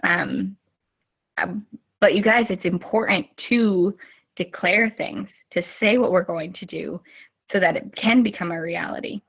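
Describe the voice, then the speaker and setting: A young woman with a low, husky voice gives a rambling pep talk to her team, full of fillers and restarts. She comes through a narrow, tinny video call line. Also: a little slow. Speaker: team leader giving a motivational talk.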